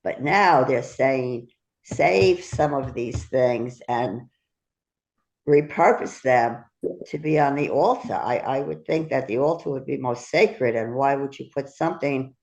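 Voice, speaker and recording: A woman's voice: very deep voice, measured pace, a little mellow, lo-fi sound. A woman in a study group asking a question apologetically and hesitantly.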